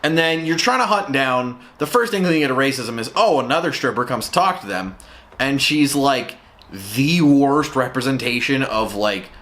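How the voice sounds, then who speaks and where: A man's voice: medium pitch, animated, normal speed, fairly bright tone. A man hosting a show-review vlog, ranting in an exasperated, profane way.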